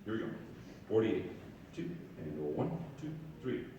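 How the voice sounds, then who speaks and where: A man's voice: lowish voice, moderate pace, lo-fi sound, over loud music. Man coaching a band in an echoey hall. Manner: sings parts aloud, counts off the band; animated and encouraging. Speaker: band director. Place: large echoey rehearsal hall. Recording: echoey hall, distant mic, noisy.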